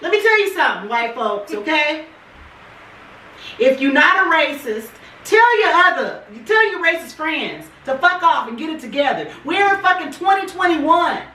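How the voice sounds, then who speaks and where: A woman's voice: sits high, big pitch swings, normal speed, pushed and bright. A woman with a Californian accent ranting in a casual chat, swearing hard and repeating herself for emphasis. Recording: roomy, from far off, faint noise.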